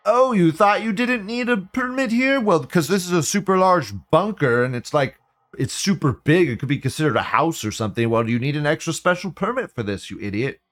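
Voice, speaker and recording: A man's voice: a little high, lively intonation, fairly quick, fairly bright tone, pitched above the performer's own voice. A man voicing a smug, condescending government permit official who talks down in a mocking, patronizing way.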